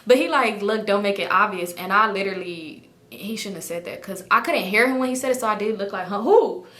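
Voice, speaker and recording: Bright-voiced woman telling a story. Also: medium pitch, fast talker, roomy sound. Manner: animated, acts out other people's lines; swears freely. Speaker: storytime vlogger. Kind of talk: casual storytelling.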